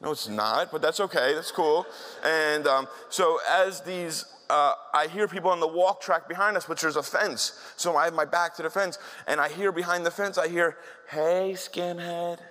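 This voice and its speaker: A man's voice: fairly high pitch, moderate pace, pushed and bright. Man telling a story in a hall. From South Philadelphia, USA. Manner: candid, conversational, frequent restarts. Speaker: speaker at a talk. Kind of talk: storytelling talk. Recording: long reverb in a hall.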